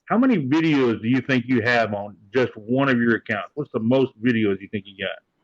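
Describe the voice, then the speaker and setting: A man's voice: medium pitch, lively intonation, fairly quick, no room sound. A man hosting a livestream, chatting in an easygoing way with guests. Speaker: livestream host. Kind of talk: casual chat. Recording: slightly dull sound.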